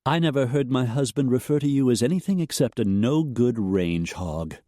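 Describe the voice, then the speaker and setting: A man's voice: mid-range voice, expressive, moderate pace, dark tone, no echo, studio quality, pitched above the performer's own voice, lightly acted. A man voicing a cold, clipped widowed woman who owns a ranch.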